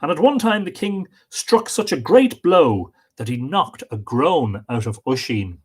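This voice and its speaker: A man telling an ancient legend to a live audience, reading with plenty of expression. His pitch swings widely, and he breaks off now and then for wry little asides. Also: very animated, unhurried, breathy edge. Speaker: storyteller and stream host.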